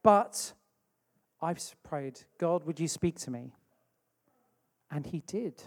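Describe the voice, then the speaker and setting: A man's voice: a little high, lively intonation, takes it slowly. A man from England preaching a sermon, telling a story with acted-out asides. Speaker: pastor. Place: church hall. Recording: long hall reverb.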